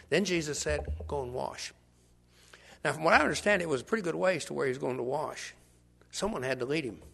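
Older preacher guy, gravelly and bright, swings from whispers to yelling. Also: a little high. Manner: animated, swings from hushed to shouting, acts out bystanders. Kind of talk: sermon.

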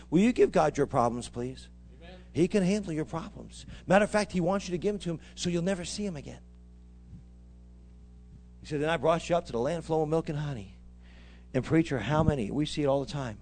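Pastor, man, high-pitched, fiery call-and-response preaching style. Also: lively intonation, a little fast, pauses often, darkish tone, faint music behind. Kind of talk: sermon.

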